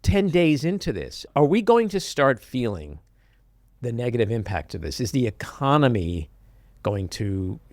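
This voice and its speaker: A man's voice: medium pitch, sing-song, unhurried, no room sound, clean studio sound. A man hosting a talk show, asking wry, incredulous questions in conversation with a guest. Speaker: podcast host. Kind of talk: conversational interview.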